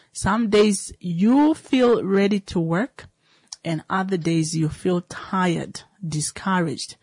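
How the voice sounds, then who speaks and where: A talk show host giving a slow, reflective motivational talk, short of breath with a dry cough, asking and answering its own questions. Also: mid-range voice, no room sound.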